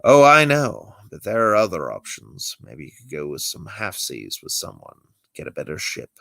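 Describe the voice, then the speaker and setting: Casting: man reading a wisecracking weary Jedi hermit, low gravelly voice, swinging pitch. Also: normal speed, no room sound, exaggerated voice. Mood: wry. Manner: sardonic, lively delivery. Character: dry-witted exiled male Jedi master. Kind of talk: amateur script read-through.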